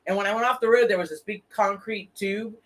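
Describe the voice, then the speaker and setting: A woman hosting a casual motorcycle talk show, telling lively stories and swearing freely. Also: medium pitch, a little fast. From Florida. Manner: animated storyteller, swears freely. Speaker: podcast host. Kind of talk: casual chat.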